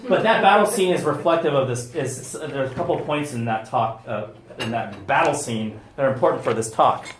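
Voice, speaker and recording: A man, a deacon, giving a lively public talk, loud and excitable with many fillers and restarts. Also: mid-range voice, fairly quick. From United States. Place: restaurant event room. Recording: echoey room.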